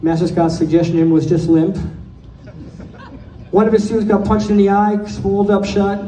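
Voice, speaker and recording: A man's voice: high-pitched, flat delivery, normal speed, dark tone, slight background noise. A man giving a joke-filled roast speech at a birthday party, firing off one-liner punchlines. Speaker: speaker giving a birthday toast. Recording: echoey hall, mic from far off.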